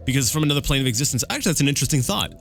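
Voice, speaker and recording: A man's voice: mid-range voice, animated, very fast, soft background music. A man giving casual, rambling commentary on a game as he plays it, thinking aloud and correcting himself. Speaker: let's play gamer.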